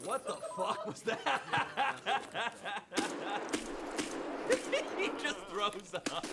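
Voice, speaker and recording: A man's voice: high voice, extremely slow, creaky, heavy background noise. A man chatting and laughing with friends during a gaming stream. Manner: laughing, animated. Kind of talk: casual gaming chat.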